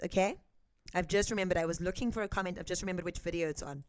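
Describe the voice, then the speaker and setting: A woman's voice: fairly low pitch, racing, smooth, dry recording. A South African woman delivers commentary to her viewers in a firm, emphatic way. Her accent is South African, and she keeps checking in with "okay?". The recording is close and dry, with little room sound. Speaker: YouTube commentator. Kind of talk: direct-to-camera commentary.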